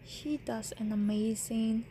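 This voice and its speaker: A woman vlogger unboxing a package, gushing and gasping with excitement and often dropping to a whisper. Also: on the high side, slow. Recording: steady background noise.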